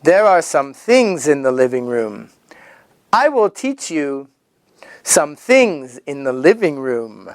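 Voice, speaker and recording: A man teaching young children English vocabulary, sing-song and animated, drawing out and repeating each word. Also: a little high, no echo, clean studio sound. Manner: animated, sing-song, drawn-out repetition of words.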